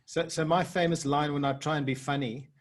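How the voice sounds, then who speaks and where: South African interview host, somewhat high, husky voice, conversational. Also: male voice, fairly even intonation, fairly quick. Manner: conversational, runs a poll. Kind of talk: online interview.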